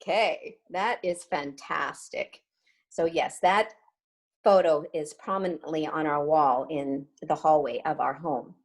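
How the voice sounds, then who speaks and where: A woman's voice: deep voice, steady tone, unhurried. A woman hosting an online session, enthusiastically handing over to the next guest. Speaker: host.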